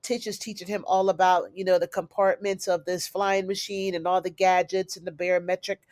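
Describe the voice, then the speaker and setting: A woman's voice: on the low side, little pitch movement, brisk, darkish tone, no room sound. A woman giving a chatty, casual recap of a TV episode, calling her viewers y'all and honey. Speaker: TV recap reviewer.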